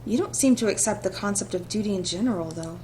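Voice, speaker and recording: A woman's voice: mid-range voice, fast talker, warm tone, a little hiss or hum, natural voice. A woman voicing a dutiful, formal male town guard captain, reading a visual novel aloud in a stiff, proper way.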